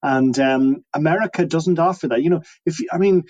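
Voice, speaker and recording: A man's voice: fairly high pitch, moderate pace, a little mellow, low-quality recording. A man talking as an interview guest, musing and reflective, often restarting his sentences. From Ireland. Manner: musing, many restarts and trailing phrases.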